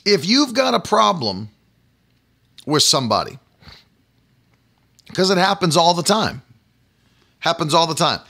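A man's voice: fairly high pitch, very animated, unhurried, gravelly, long pauses, sharp tone. A man preaching a livestreamed sermon, emphatic and repetitive, stopping to talk to his online viewers. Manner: emphatic, repeats phrases, talks to online viewers.

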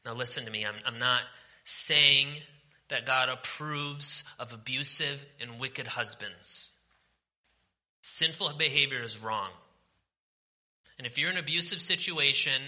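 Bright-voiced impassioned male preacher. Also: medium pitch, measured pace. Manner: impassioned, swings from forceful preaching to near-whispers. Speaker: pastor. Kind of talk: sermon.

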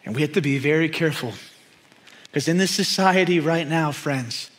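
A man preaching a sermon, emphatic and repetitive, often dropping to a hushed, intense tone. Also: on the high side, normal speed. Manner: emphatic, repeats key phrases, drops to hushed intensity.

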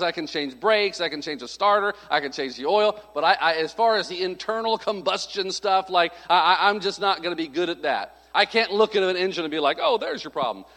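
With a fairly high, fairly bright voice, a man preaches a sermon and spins a funny, conversational story. As the pastor, he imitates the voices of the people he quotes, all under long hall reverb.

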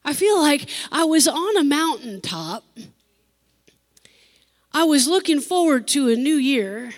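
A woman's voice: high-pitched, sing-song, a little slow. A woman pastor preaching an emotional sermon, repeating phrases for emphasis and laughing between lines.

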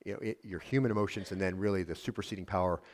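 Male pastor mid-sermon; earnest, asks the room questions, somewhat low-pitched. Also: fairly even intonation, racing. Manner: earnest, asks the congregation questions, reads a letter aloud softly.

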